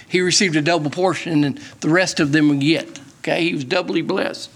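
A man teaching a Bible-study sermon in an animated, emphatic way, often asking his listeners questions. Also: fairly high pitch, brisk, few pauses, husky.

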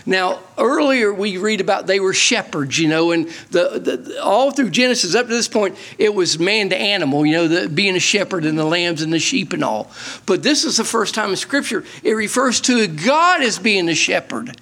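A man teaching a Bible-study sermon in an animated, emphatic way, often asking his listeners questions. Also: high-pitched, moderate pace.

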